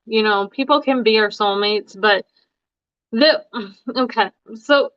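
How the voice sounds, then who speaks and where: A woman's voice: on the high side, slow, a bit bright, dry recording. Woman, tarot reader on a live stream, casual chatty talk, laughs often, dry slightly dull recording. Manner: chatty and giggly, laughing between thoughts. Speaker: tarot reader and livestream host.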